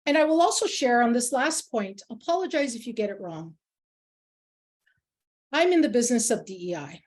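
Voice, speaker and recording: A woman's voice: a little high, animated, moderate pace, darkish tone. Earnest woman leading a workshop. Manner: earnest and emphatic. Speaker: workshop facilitator. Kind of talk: workshop talk with personal anecdotes.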